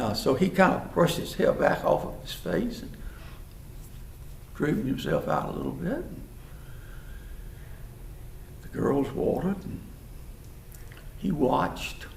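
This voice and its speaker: A man telling a story in a folksy, animated way. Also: high-pitched, unhurried, vocal fry, long pauses, a little hiss or hum. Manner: animated, folksy, acts out voices. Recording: roomy hall, mic far off.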